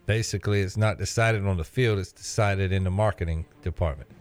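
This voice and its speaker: A man's voice: low voice, a little fast, faint music behind. Opinionated man ranting about football. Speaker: sports radio co-host. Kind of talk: sports talk banter.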